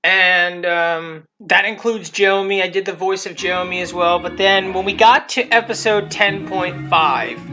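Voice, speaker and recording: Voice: mid-range voice, steady tone, lo-fi sound, music in the background. A fan-series creator giving a casual, rambling episode commentary, often stopping and restarting thoughts. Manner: rambling, halting.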